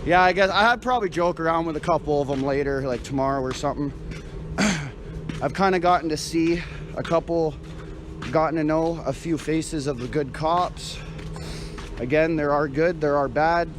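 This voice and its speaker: A man talks into his phone while he walks a cold night street, out of breath and sighing between his thoughts. His pitch sits a little high for a man, and his talk rambles with fillers and restarts. Loud traffic and street noise fill the recording. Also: normal speed. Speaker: live streamer. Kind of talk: casual live-stream chat. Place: outdoors on a frosty night street.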